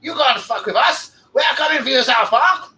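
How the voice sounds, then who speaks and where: A man's voice: extremely high pitch, moderate pace, distant mic, voice pushed up, heavily acted. Man doing a blustering mock-Canadian cartoon guy. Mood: blustering defiant. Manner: shouty, defiant.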